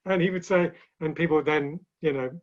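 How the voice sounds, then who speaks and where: A man's voice: fairly high pitch, brisk. A man speaking as a guest in a webinar conversation, telling stories with light humor in a chatty way. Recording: dull lo-fi online call audio.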